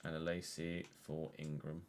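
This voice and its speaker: A man's voice: very deep voice, normal speed, slight background noise. Man commentating his football game. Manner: chatty, swings between excited shouts and muttered asides. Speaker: gaming streamer.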